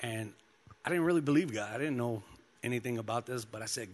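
A man's voice: medium pitch, moderate pace, fairly bright tone. A man preaching a sermon, mixing scripture reading with personal testimony, in an easygoing style full of "you know" and "man.". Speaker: pastor. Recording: long hall reverb.

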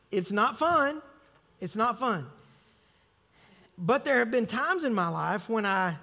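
A man preaching with a notably high voice, chatty and self-mocking as he acts out everyday scenes. His words ring out through a large church hall with a long, lingering reverb. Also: gravelly, sharp tone. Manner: conversational, self-mocking preaching with acted asides. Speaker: pastor. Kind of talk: sermon.

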